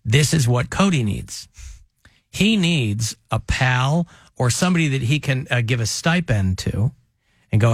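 A man hosting a radio talk show, chatting casually with rambling, animated asides. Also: mid-range voice, unhurried, no echo, clean studio sound. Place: radio studio.

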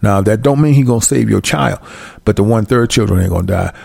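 Gravelly man preaching over scripture. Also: fairly low pitch, a little mellow, dry recording, clean studio sound. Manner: drawn-out verse reading mixed with quick asides; keeps checking in with listeners. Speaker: scripture teacher on a livestream. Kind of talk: casual preaching while reading scripture aloud.

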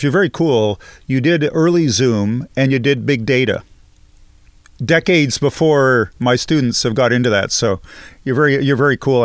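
A man's voice: medium pitch, dry recording, studio quality. A man hosting an interview podcast, asking questions in a friendly, joking way.

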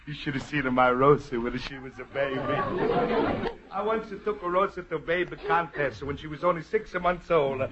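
A man's voice: fairly high pitch, moderate pace, a crowd in the background, close to an everyday voice. A man doing a boastful Italian immigrant pal. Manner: boastful, broken English. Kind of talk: 1940s radio comedy acting. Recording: lo-fi old radio broadcast with loud audience and hiss.

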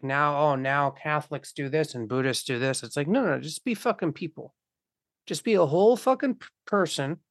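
Someone blunt and profane philosophizes in offhand conversation, now and then slipping into made-up voices. The voice is mid-pitched, recorded close and dry without any room sound.

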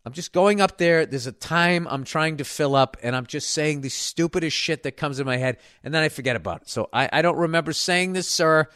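Crude, rambling comedian host. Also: male voice, on the high side, brisk, few pauses, fairly bright tone, no room sound, clean studio sound. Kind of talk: casual podcast chat reading listener mail.

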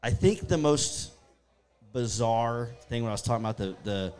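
Guy spinning ghost stories, acts out the quotes, average pitch. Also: normal speed, smooth. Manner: animated storyteller acting out his own quotes. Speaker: guest storyteller. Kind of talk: casual ghost-story chat.

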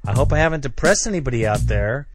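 A man's voice: mid-range voice, expressive, fast talker, music in the background. A man hosting a sports podcast, ranting bluntly and sarcastically about his team. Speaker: podcast host. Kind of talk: angry podcast rant.

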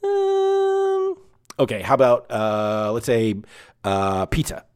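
A man voicing his indecisive wife in a high, hesitant put-on voice, full of drawn-out fillers. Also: very animated, darkish tone. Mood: unsure.

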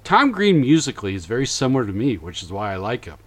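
A man's voice: mid-range voice, quick pace, husky. A man hosting a casual podcast chat, recapping events animatedly and acting out quotes. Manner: animated, acts out quotes in voices. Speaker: podcast host.

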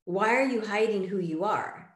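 A woman with a mid-pitched voice co-hosting a casual chat, quick to react and reading out comments from the chat. Her voice is recorded in an echoey room. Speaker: co-host. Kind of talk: casual chat about a soap opera.

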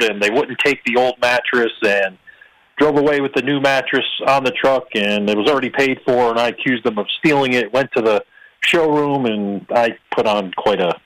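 A man appearing as a weather reporter on a radio show, telling a rambling, halting anecdote. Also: mid-range voice, a bit bright, dry recording, poor audio. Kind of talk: casual anecdote on talk radio.

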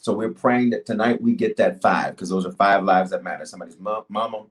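A man pastor preaching a livestreamed sermon and prayer from a church stage, animated and call-and-response, swinging between loud exhortation and low, slow prayer. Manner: animated, call-and-response, urging the audience to answer. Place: church stage filmed by several cameras.

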